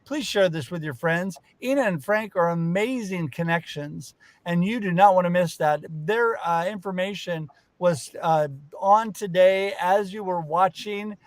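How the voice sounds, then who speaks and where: A man's voice: high voice, unhurried, no echo. A man co-hosting a live online talk show over a video call, upbeat and effusive as he thanks his guests. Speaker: co-host. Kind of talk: casual live show chat.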